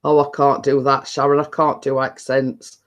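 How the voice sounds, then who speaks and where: A woman's voice: very deep voice, little pitch movement, moderate pace. A middle-aged woman, chatting casually with viewers as a live stream host, laughing often and restarting her sentences.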